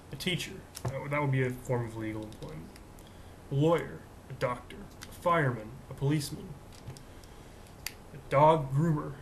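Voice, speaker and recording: A man's voice: medium pitch, slight background noise, poor audio. A young man in his twenties hosting a comedic vlog, talking in a rambling, jokey, self-mocking way. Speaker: host.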